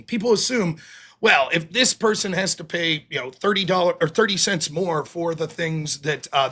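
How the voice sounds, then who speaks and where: A man's voice: fairly high pitch, bright, forceful tone. A man hosting a political call-in stream, arguing hard and swearing, then reading donations aloud. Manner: combative, profane, rapid-fire questioning. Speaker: call-in show host.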